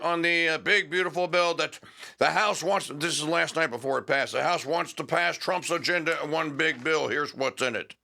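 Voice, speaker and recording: A man's voice: on the high side, vocal fry, bright, forceful tone. A man hosting a talk show, reading news aloud with sarcastic, rambling asides and stalling with fillers while he hunts for names. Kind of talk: opinionated talk radio monologue.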